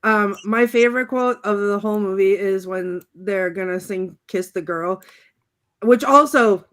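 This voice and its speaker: A woman's voice: mid-range voice, unhurried, fairly bright tone. A woman co-hosting a podcast, chatting casually and giggling as she shares favorite movie quotes. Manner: chatty and giggly, many fillers. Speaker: podcast co-host.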